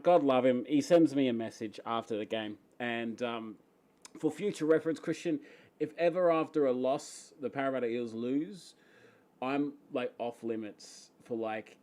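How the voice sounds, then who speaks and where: An Australian man hosting a casual live-stream Q&A from his home, chatty and quick to laugh as he greets viewers by name. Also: a little high, darkish tone. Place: home, upstairs room.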